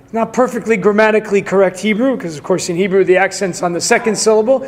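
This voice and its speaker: A man leading an adult prayer study session in a synagogue classroom, talking in a relaxed, chatty way with fillers. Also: sits high, quick pace.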